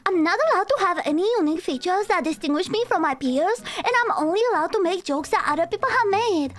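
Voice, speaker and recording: A chirpy, bubbly VTuber girl, put on by a woman streamer with a high, sugary voice that sounds overly sweet and rehearsed. She rattles off her lines quickly and cheerfully as a bland cookie-cutter persona, and faint music plays behind her. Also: animated. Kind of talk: comedic bit on a live stream.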